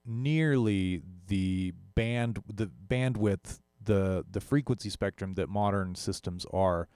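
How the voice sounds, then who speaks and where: A man's voice: on the low side, takes it slowly, a little mellow, clean tone, no room sound, studio quality. A young man, a musician, casually talking through an audio gear comparison, rambling and correcting himself as he goes. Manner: rambling, self-correcting, with frequent fillers. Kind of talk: casual tech demo talk.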